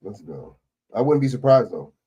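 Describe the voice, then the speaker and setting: A man's voice: medium pitch, very animated, normal speed, dark tone, slightly rough, highs cut off. A man hosting a livestream, giving loose casual commentary on news clips and tossing rhetorical questions at his viewers. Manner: rambling, restarts, asks the audience rhetorical questions. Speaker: livestream host.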